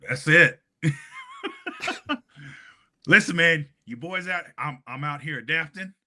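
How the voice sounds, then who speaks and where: A man's voice: on the high side, slow pace, sharp tone. A man from Hawaii chatting casually on a podcast, telling a rambling story with lots of fillers and chuckles. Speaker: podcast co-host. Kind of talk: casual chat.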